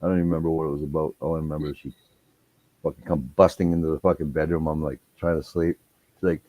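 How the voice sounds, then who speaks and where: Very deep, husky, swearing man. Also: little pitch movement, fast talker, no echo, dull audio. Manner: profane, laughing, teasing storyteller. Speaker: guest on a livestream. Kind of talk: casual chat.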